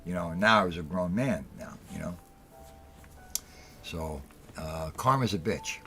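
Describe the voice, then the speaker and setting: Deep-voiced, blunt middle-aged male host. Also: unhurried, sharp tone, soft background music. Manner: heated storytelling, blunt and profane, repeats himself for emphasis. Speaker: talk show host. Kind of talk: casual call-in show monologue.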